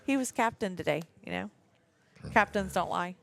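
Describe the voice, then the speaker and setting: A woman's voice: medium pitch, expressive, normal speed, creaky. Woman, 40s, co-host, giggly storyteller. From Texas. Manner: giggly storyteller, laughs often. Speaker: podcast co-host. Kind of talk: casual chat.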